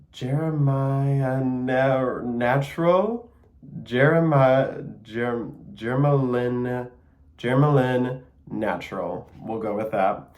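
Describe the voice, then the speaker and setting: A young man with a Michigan accent hosting a casual solo podcast, chatty and enthusiastic, with plenty of fillers and small laughs. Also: mid-range voice. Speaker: podcast host.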